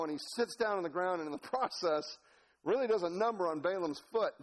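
A man preaching a sermon as pastor, telling a story in an animated, folksy way with laughter. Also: high-pitched, brisk.

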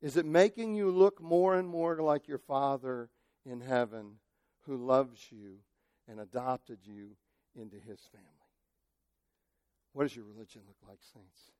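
A male pastor preaching a sermon, impassioned, moving from shouted cries to near-quiet asides. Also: mid-range voice, measured pace, pauses often, dry recording, clean studio sound.

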